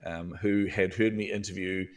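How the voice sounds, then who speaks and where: A man's voice: low-pitched, moderate pace, recorded from a distance. A man with a New Zealand accent, a guest coach telling stories earnestly in a podcast interview. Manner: earnest, animated storyteller.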